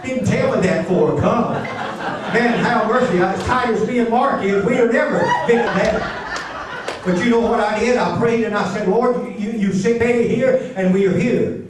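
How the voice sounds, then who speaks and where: A man's voice: high-pitched, moderate pace, crowd noise. An older man preaching, telling a personal testimony in a folksy, emotional way with stammering restarts. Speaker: pastor. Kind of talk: storytelling sermon. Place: church sanctuary. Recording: echoey church from far off.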